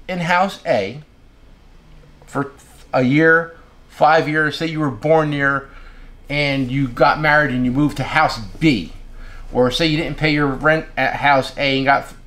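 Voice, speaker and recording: A man hosting a casual tool shop video, telling stories in an animated, exasperated way and repeating himself. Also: fairly high pitch. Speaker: tool shop owner and channel host. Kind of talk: casual storytelling rant to camera.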